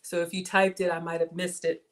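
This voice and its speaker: A woman's voice: fairly low pitch, little pitch movement, fairly quick. A woman with a Southern US accent, chatting casually with her viewers as a home cook livestreamer. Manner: chatty, addresses viewers as y'all.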